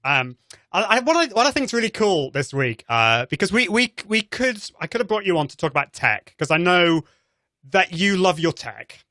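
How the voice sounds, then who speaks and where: Male podcast host, Manchester-area English accent, eager and stumbling, animated pitch. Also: normal speed, dry recording, clean studio sound. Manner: enthusiastic, stumbles and restarts often. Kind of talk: casual live-show chat.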